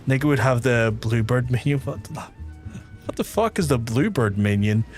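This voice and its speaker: A man with a softened Belfast accent talks loosely through a live game stream, his voice sitting at an ordinary middle pitch. He rambles, swears freely and teases whoever is listening, with faint game music underneath. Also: lively intonation, normal speed. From Northern Ireland. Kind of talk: casual live-stream chat while playing.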